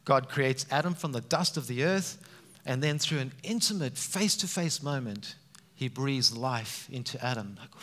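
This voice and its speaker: Animated male preacher in a reverberant hall. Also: fairly high pitch. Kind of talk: sermon.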